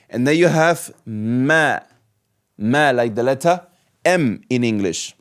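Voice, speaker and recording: A man teaching a beginner lesson, drawing out and repeating each letter sound slowly for learners. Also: medium pitch, animated. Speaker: Arabic teacher. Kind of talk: slow step-by-step language lesson.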